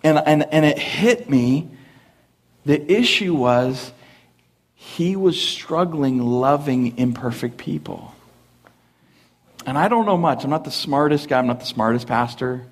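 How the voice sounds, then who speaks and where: A young adult man, a pastor, preaching a sermon at a church service, mixing lively family stories and laughter with earnest points. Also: a little high, measured pace. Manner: animated, laughing storyteller who then turns earnest. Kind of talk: sermon with humorous storytelling.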